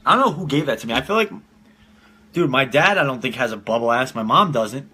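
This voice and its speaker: A young man in his twenties runs a casual home live-streamed podcast, spinning rambling, profane tales and laughing a lot. He talks at a quick pace in an expressive mid-range voice that's pushed, bright, and slightly rough.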